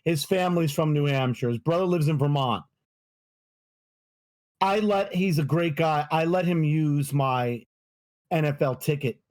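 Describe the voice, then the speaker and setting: Man, high voice, profane sports ranter, casual podcast co-host. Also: a little slow, pauses often. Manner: profane, ranting, animated.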